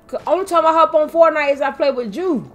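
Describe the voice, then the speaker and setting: A fairly high-voiced woman talks over a gaming headset, loud and profane, teasing her teammate mid-match. Her throat sounds strained, as if her voice is about to give out, and music plays clearly behind her. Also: quick pace. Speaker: streamer playing a shooter game with a friend. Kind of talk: casual gaming chat.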